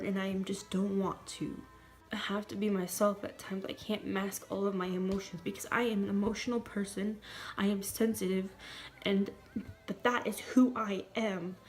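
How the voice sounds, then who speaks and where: A young woman talking straight to her viewers in an emotional personal vlog, earnest and close to tears, pausing and restarting as she goes. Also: mid-range voice. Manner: tearful, earnest, halting with pauses and restarts. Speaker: vlogger.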